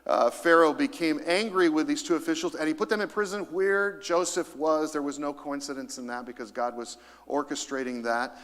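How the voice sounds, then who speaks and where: A middle-aged man preaches to his congregation, swinging between emphatic high points and quieter asides. He calls out for the room to answer back. The sound rings with the long reverb of a large church hall. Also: moderate pace, hardly any pauses. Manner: lively, rising to emphasis, calls for audience responses. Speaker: pastor. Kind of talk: sermon. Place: church auditorium.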